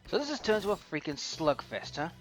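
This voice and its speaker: A man's voice: high-pitched, big pitch swings, a little fast, fairly bright tone, faint music behind. A man hosting a let's play, chatting casually and reacting to the game as he plays. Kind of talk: casual gameplay commentary.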